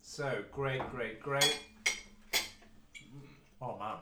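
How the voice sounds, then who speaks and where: A man's voice: medium pitch, extremely slow, roomy sound, very noisy. A young man from England hosting a casual food-review podcast, wry and mock-formal, laughing often among friends. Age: young adult. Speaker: podcast host. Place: room with friends around a table.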